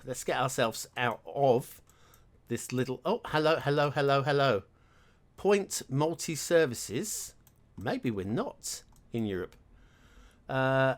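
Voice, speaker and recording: A man hosting his own gaming channel, chatting and thinking aloud while commenting on his gameplay. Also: mid-range voice.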